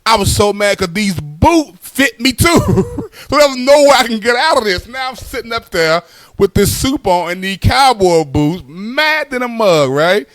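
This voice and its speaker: Animated male stand-up storyteller. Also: high-pitched, normal speed, no echo. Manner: animated, repetitive asides. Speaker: comedian.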